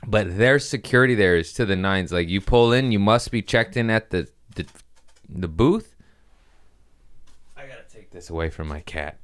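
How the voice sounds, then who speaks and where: Young male comedian host, lowish voice, loose crude storytelling, laughs at own bits. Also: animated, moderate pace, pauses often, clean tone. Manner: rambling, crude, laughs at his own jokes. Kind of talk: casual comedic monologue.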